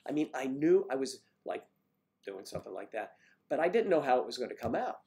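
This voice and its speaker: An older man hosting a casual livestream, chatting warmly with viewers by name and rambling through stories. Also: mid-range voice, sing-song, fairly quick. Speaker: livestream host reading viewer comments. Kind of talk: casual chat.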